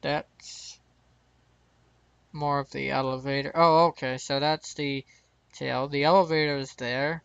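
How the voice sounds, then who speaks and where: A man's voice: mid-range voice, steady tone, a little slow, creaky, long pauses, a bit bright, clear, resonant tone, no room sound, lo-fi sound. An American man hosting his gaming channel, rambling through casual gameplay commentary and chuckling at his own mistakes. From United States.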